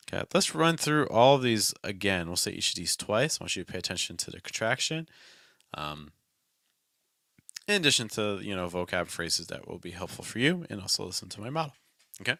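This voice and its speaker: A man teaching English pronunciation in an online lesson, modeling short phrases slowly and repeating each one. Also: lowish voice, sing-song, vocal fry, sharp tone, no echo, clean studio sound.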